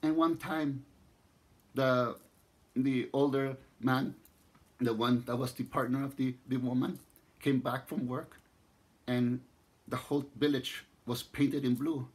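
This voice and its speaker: A man with a Mexican accent narrates a legend at a relaxed pace. His voice sits in the middle range, and he often circles back and restarts his phrases as the story unfolds. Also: slightly rough. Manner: unhurried, repeats and restarts phrases, voices the figures with rising pitch. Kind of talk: spoken storytelling.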